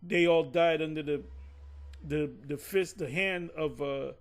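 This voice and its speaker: Rambling man with a higher voice. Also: measured pace, vocal fry. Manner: rambling, digressive, self-correcting. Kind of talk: casual Bible teaching discussion.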